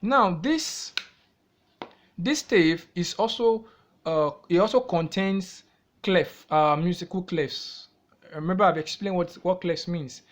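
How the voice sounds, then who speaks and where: Nigerian-accented male music tutor, slightly high voice, repetitive, checks in with questions. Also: slow. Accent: Nigerian English. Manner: repetitive, asks the viewer questions and answers them himself. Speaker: music teacher. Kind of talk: classroom-style music theory lesson.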